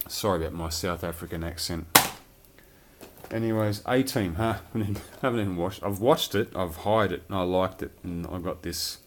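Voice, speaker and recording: Background noise surrounds a low male voice going at normal speed. The speaker, a film collector, shows his collection in a rambling, casual chat, swearing now and then.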